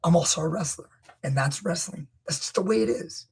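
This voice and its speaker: Gravelly, husky grappling coach. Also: male voice, fairly high pitch, expressive, a little fast. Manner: opinionated, emphatic, rising to near-shouts when indignant. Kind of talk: video commentary.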